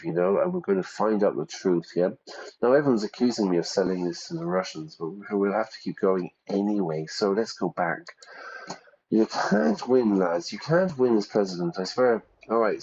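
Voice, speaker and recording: A man's voice: sits low, darkish tone, dull audio. A man teaching English casually while playing a game, chatty and often checking in with "yeah?".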